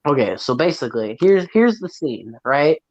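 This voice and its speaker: A man's voice: medium pitch, sing-song, normal speed, darkish tone, no room sound, highs cut off. A teenage boy telling a rambling story on a podcast, full of "like" and "right?". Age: teens. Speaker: podcast co-host. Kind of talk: casual storytelling while gaming.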